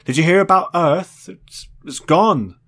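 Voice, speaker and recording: A man's voice: high-pitched, measured pace, fairly bright tone, pitched above the performer's own voice, heavily acted. A man voicing a drunk, weepy middle-aged former space explorer who rambles drowsily with slurred speech. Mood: mournful.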